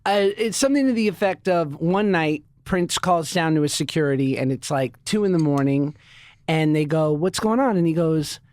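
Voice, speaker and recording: A man's voice: fairly high pitch, expressive, normal speed, a little mellow, no echo. A man hosting a podcast, telling stories playfully and acting out the quotes. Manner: playful storyteller, acts out quotes. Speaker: podcast host. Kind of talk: casual podcast chat.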